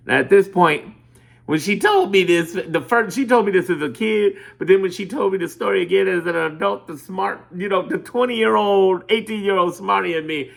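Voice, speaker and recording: A man from Chicago talking in a loose, animated monologue, rambling, swearing and laughing as he tells stories. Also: sits high, moderate pace, gravelly. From Chicago, USA. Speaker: political commentator. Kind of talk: casual monologue.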